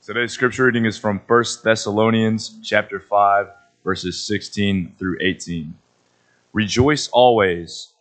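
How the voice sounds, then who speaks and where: A man reads scripture aloud before a sermon. His voice is on the low side, and he takes the verses slowly and deliberately. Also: a bit bright. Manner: slow, measured reading. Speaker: scripture reader. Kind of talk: scripture reading.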